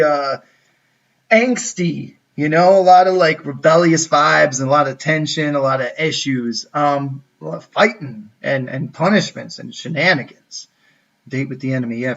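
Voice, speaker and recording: A young man from the United States tells a story in a relaxed livestream, animated and acting out the voices of the people in it. His voice sits a bit high. The sound is dull and lo-fi, and the mic is some distance away. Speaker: college counselor, channel host.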